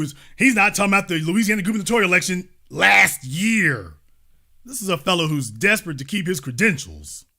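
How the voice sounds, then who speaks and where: A high, bright, forceful voice carries this man's political commentary monologue on his own show. He's emphatic and mocking, driving points home by repeating lines.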